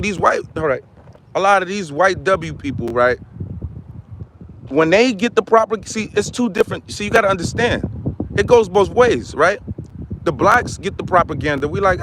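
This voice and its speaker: A man's voice: sits high, very animated, a little fast, noisy background. A man hosting his own commentary channel, giving a heated, repetitive monologue. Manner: impassioned, repetitive, restarts often.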